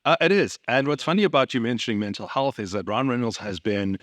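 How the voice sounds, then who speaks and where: A man's voice: mid-range voice, animated, quick pace, fairly bright tone, dry recording, studio quality. A young man co-hosting a casual podcast, explaining ideas and often checking in with "right?". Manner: explanatory, uses tag questions like "right?". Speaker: podcast co-host.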